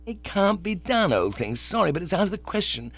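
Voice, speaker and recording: A man's voice: high-pitched, sing-song, brisk, no echo, pitched above the performer's own voice, heavily acted. A man voicing a breezy, flustered young toff. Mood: exasperated. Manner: exasperated, breezy. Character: young male flustered upper-class idler. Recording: dull, dry audiobook recording.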